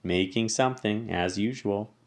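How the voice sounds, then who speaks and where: A man voicing a wise, gentle female spider who speaks calmly and soothingly. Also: lowish voice, normal speed, lightly acted. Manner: calm and soothing.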